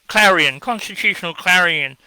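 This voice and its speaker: A man's voice: high-pitched, normal speed, bright, forceful tone, clear, resonant tone, dry recording, poor audio. An Australian man speaking in a blunt, scornful way, giving a combative monologue as he answers viewer comments.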